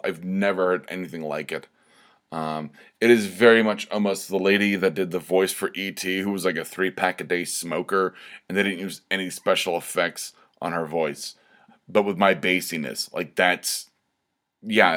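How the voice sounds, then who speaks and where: A man with a very low, deep voice tells a personal story in a loose, rambling way. He keeps circling back with fillers and side comments as he talks. It sounds like casual spoken storytelling. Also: a bit bright. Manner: rambling, conversational, with fillers and asides.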